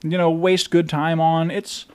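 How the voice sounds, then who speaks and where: Dry-joking young man, slightly high voice. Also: flat delivery, a little slow, a little mellow, clean tone. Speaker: podcast co-host, movie reviewer. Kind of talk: casual chat.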